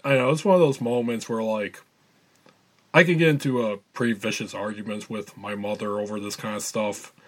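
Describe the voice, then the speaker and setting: A man's voice: fairly low pitch, steady tone, brisk. A man speaking as a podcast guest in a casual chat, wry and joking. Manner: wry, joking, laughs along.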